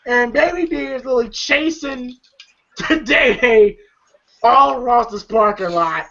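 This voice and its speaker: A man's voice: extremely high pitch, measured pace, gravelly, bright, forceful tone, muffled recording. A man recapping a comedy film in casual chat, rambling, laughing often and swearing freely. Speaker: movie reviewer.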